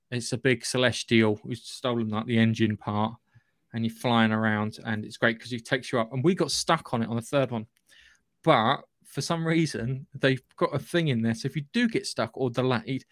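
A man's voice: mid-range voice, normal speed, no room sound. Chatty man with a dry close sound. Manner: rambling storyteller, acts out quotes. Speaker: podcast co-host. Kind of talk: casual chat.

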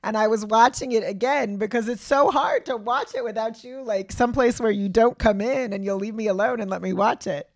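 A woman co-hosting a podcast in casual chat, teasing with quick comebacks. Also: on the high side, no room sound. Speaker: podcast co-host.

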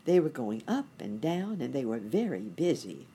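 A woman reading a children's bedtime story aloud in a gentle, expressive way. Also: a bass voice, normal speed, slight background noise.

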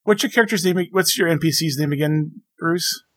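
A man running a tabletop game, chatting casually and asking quick questions. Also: a little high, a bit bright.

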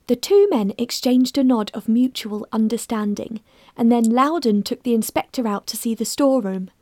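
Bright-voiced woman narrating a mystery. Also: a little high, normal speed, dry recording, studio quality. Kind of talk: scripted narration.

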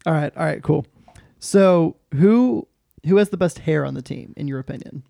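A male co-host with a gravelly, mellow voice on the high side chats casually on a sports podcast at a moderate pace. The sound is clean studio quality with no room sound.

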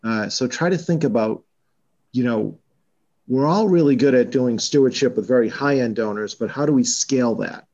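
A man with a Boston accent, a college fundraising executive, laying out his points in a measured conversational way. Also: mid-range voice, a little mellow, muffled recording. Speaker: college fundraising vice president. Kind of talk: podcast conversation.

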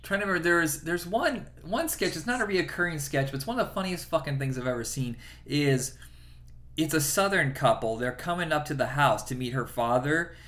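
A man's voice: on the high side, expressive, brisk, fairly bright tone. A man co-hosting a podcast in casual chat, enthusiastic and profane, laughing often as he recalls favorites. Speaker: podcast co-host.

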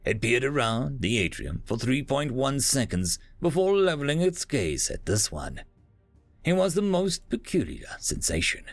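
Gravelly, animated male story narrator. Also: medium pitch, no room sound.

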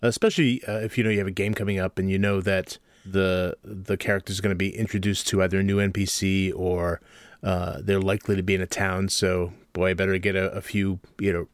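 Low-voiced man, halting casual talk. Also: flat delivery, no room sound. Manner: halting, many restarts and fillers. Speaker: podcast co-host. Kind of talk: casual chat.

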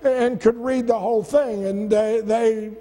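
High-voiced male pastor in a reverberant hall. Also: fairly even intonation, a little slow, warm tone. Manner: rhetorical questions and stammered restarts. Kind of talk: sermon. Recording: long church-hall reverb.

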